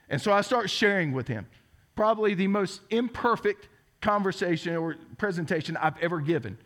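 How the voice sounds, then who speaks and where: A man's voice: high-pitched, lively intonation, normal speed, a bit bright. A man in his thirties with a Southern US twang, preaching a sermon as teaching pastor, telling stories with earnest, self-deprecating humor. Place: church sanctuary.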